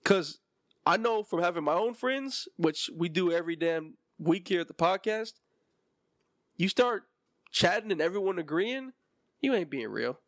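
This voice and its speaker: A man's voice: sits high, expressive, unhurried, a bit bright, no room sound, clean studio sound. A man in his twenties hosting a solo podcast and ranting with passion and emphasis. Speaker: podcast host.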